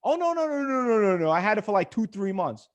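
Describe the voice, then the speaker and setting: A man putting on the voice of an angry male trader who lost money, shouting and accusing. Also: high voice, quick pace, highs cut off, natural voice. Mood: defensive.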